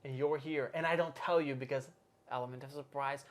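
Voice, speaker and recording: A man's voice: medium pitch, fairly even intonation, brisk. A man in his twenties hosting a podcast, talking in a casual, profane, rambling way. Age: 20s. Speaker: podcast host. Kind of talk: casual chat.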